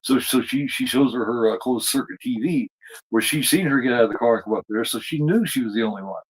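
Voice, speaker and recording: A man's voice: mid-range voice, quick pace, husky, rough recording. A man casually recapping a TV episode as a podcast co-host, rambling with lots of fillers and restarts.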